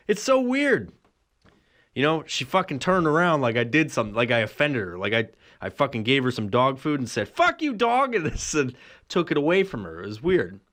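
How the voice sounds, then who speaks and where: A man's voice: mid-range voice, very animated, fairly quick, fairly bright tone. A man hosting a solo podcast, telling a rambling, profane comic story and laughing often. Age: adult with a son. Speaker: podcast host.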